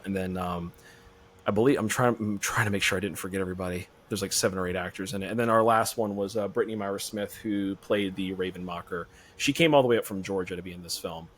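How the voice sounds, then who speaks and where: Low-voiced man telling a rambling story. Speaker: filmmaker guest. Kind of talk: casual podcast interview.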